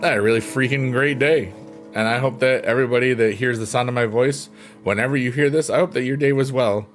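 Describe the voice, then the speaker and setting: A man's voice: medium pitch, quick pace. A man hosting a casual live stream, chatting with viewers and joking in a goofy, playful way. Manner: goofy, playful, jokes and laughs a lot. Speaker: livestream host. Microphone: close desk microphone. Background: soft guitar music.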